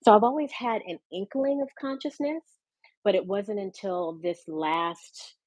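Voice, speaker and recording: A woman speaking as a podcast guest, telling her story in a reflective, unhurried way over a video call. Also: mid-range voice, darkish tone, dry recording, low-quality recording. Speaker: podcast guest and hypnosis practitioner. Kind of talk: casual conversational interview.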